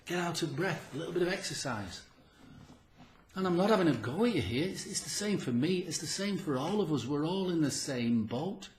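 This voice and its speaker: A man's voice: on the high side, lively intonation, fairly quick. Guy, earnest health talk, repeats himself, stumbles on restarts, echoey room. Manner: earnest, repetitive, stammers on restarts, acts out inner voices. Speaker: herbalist presenter. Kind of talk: direct-to-camera health talk.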